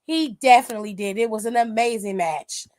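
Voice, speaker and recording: A woman's voice: on the high side, fairly quick, a little mellow. A woman hosting a wrestling aftershow, giving casual, emphatic, profane live-stream commentary and reading viewer comments aloud.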